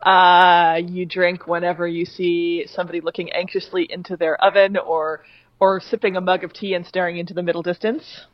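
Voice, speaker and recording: A woman's voice: lowish voice, level tone, moderate pace, dry recording, dull audio. A woman chatting on a podcast, enthusiastic and laughing often. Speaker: podcast guest. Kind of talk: casual chat.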